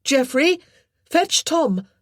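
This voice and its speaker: A woman's voice: mid-range voice, very animated, moderate pace, husky, no echo, clean studio sound, voice pushed up. Woman voicing an anxious young woman calling out. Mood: urgent coaxing. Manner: calling out, urgent but gentle. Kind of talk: audiobook character voice.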